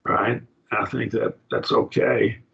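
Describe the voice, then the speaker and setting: A man's voice: medium pitch, little pitch movement, takes it slowly, creaky, fairly bright tone, slightly rough. A man teaching a college-level Bible study class, working through Greek grammar and thinking aloud with frequent restarts. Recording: dull lo-fi recording.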